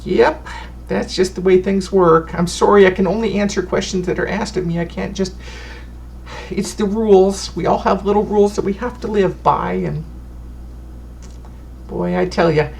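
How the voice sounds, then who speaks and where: A man's voice: high-pitched, fairly even intonation, moderate pace, vocal fry, long pauses, a little mellow, a little hiss or hum, voice pushed up. A man voicing a sweet, fussy little old woman fortune teller who chats in a folksy way and calls people darling and honey. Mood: chatty.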